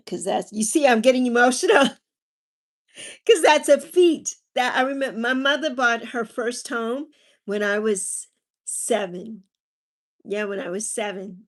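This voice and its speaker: A woman in her forties hosting a casual livestream, chatting with viewers and telling family stories. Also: medium pitch. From Virgin Islands. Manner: chatty, warm with viewers, drifting into personal stories. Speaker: livestream host. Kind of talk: casual livestream chat, reading viewer comments.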